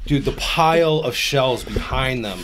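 A man's voice: mid-range voice, expressive, unhurried, background noise. A man chatting casually on a podcast, laid-back and swearing freely while telling travel and food stories. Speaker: podcast co-host. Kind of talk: casual chat.

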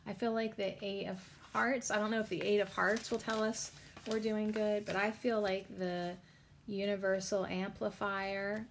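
A woman hosting a podcast and reading cards, rambling casually with lots of filler words and spiritual talk, sounding tired and low on energy. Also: fairly even intonation, measured pace, a little hiss or hum.

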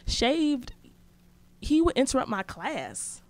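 A woman's voice: fairly low pitch, normal speed, no echo. A young woman telling a story in casual, slangy speech, blunt and sarcastic.

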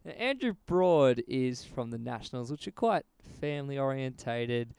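Aussie male podcast host, smooth clear voice, dry close mic, swears and laughs through his stories. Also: mid-range voice, animated, measured pace, a little mellow, dry recording. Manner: profane, laughing storyteller. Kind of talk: casual podcast chat.

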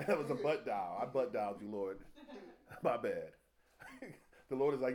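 A man's voice: medium pitch, measured pace, long pauses. A man preaching a humorous, conversational sermon full of folksy slang and laughter. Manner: animated, jokey, laughs often, folksy slang.

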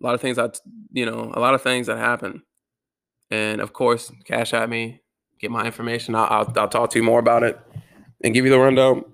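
A man earnestly telling a personal story to camera, halting and restarting his words, with some swearing. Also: medium pitch, little pitch movement, creaky, a bit bright. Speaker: vlogger.

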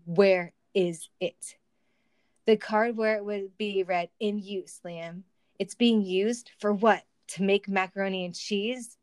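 A woman's voice: mid-range voice, dry recording. A woman reading a silly story aloud for comedy, with wry asides and laughter. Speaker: reader of a fan story.

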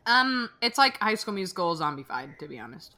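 A young woman co-hosting a casual podcast, playful and quick to banter. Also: mid-range voice, very animated, a crowd in the background. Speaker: podcast co-host.

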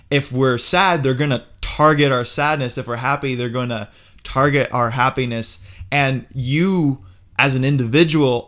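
A man co-hosting a podcast, setting out his points steadily and in order. His voice sits at an ordinary middle pitch, and he keeps the conversation moving from one topic to the next. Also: fairly bright tone. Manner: measured, steers the conversation. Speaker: podcast co-host. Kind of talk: casual political chat.

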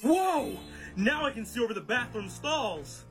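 A man's voice: extremely high pitch, lively intonation, measured pace, a bit bright, soft background music, full character voice. A man playing a cocky teenage boy chasing popularity in a comedy skit video.

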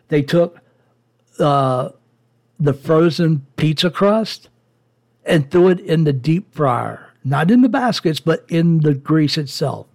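A podcast host in his forties tells a personal story in a heated, profane rant. His voice sits a little higher than most men's. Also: gravelly, a little mellow.

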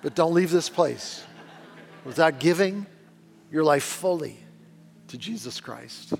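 A man preaching a sermon as pastor, earnest and pleading, often sinking to a hushed voice. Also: on the high side, animated, slow, gravelly. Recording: long reverb with faint music behind.

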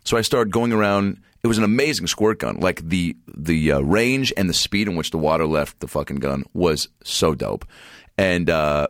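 A Seattle man with a very deep voice chats as a podcast guest at normal speed, telling animated stories, swearing freely and slipping into high put-on voices. The recording is dry and close, with no room sound around it.

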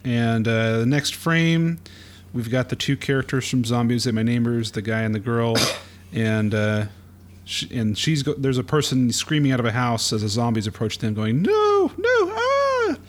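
A man in a mid-pitched voice casually narrating a comic aloud on a podcast. He talks in a playful, halting way, stopping for fillers and chuckles. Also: steady tone, a little hiss or hum. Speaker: podcast co-host.

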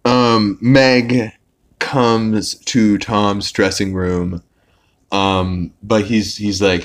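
A man with a fairly low voice talks through a cartoon episode in loose, casual podcast chat. He rambles, leans hard on filler words and throws in the odd curse. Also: fairly even intonation, slow pace. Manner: rambling, full of "like" fillers, swearing. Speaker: podcast host.

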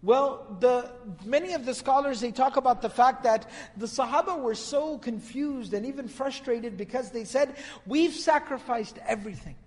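A man's voice: very high-pitched, normal speed, darkish tone, in a large hall. A man giving a religious lecture, retelling narrations in a storytelling manner and quoting Arabic. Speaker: Islamic lecturer.

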